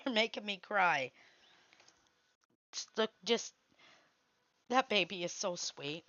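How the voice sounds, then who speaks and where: A woman chatting on a crafting livestream with her sister, expressive and sentimental, exclaiming as she works. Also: medium pitch, slow, long pauses, no echo. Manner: expressive, emotional, exclaims while working. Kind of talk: casual chat with a sibling on a livestream. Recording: dry, slightly dull home stream audio.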